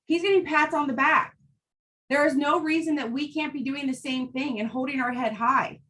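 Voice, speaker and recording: A woman's voice: sits high, a bit bright. A middle-aged woman giving a fired-up, emphatic motivational talk to the women in her business, blunt and happy to swear. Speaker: team leader addressing women in her business.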